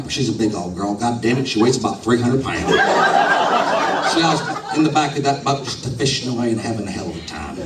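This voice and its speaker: A man's voice: medium pitch, close to an everyday voice. A man voicing a crude, boastful foreman who tells a rambling fishing tale full of cursing. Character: crude, boastful middle-aged male foreman. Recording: roomy hall, distant mic, noisy.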